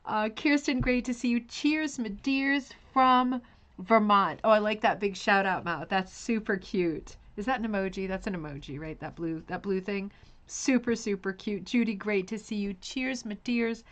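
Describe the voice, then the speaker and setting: A woman hosts a rug hooking live stream, chatting casually, greeting viewers by name, and talking in a scattered way that keeps interrupting itself. Her voice is medium-pitched and a bit bright, at a normal speed.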